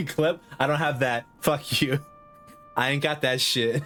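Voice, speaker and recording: A man's voice: on the high side, slow pace, sharp tone, soft background music. Laughing, rambling young male streamer. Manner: joking, laughing, swearing, rambling. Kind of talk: casual game commentary.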